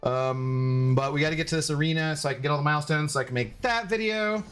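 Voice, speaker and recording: A man's voice: fast talker, fairly bright tone, soft background music. A man live-streaming a game, chatting loosely with viewers and reading their comments aloud. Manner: rambling, chatty, reads chat aloud; high, scolding baby talk to his dog. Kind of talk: casual live-stream chat.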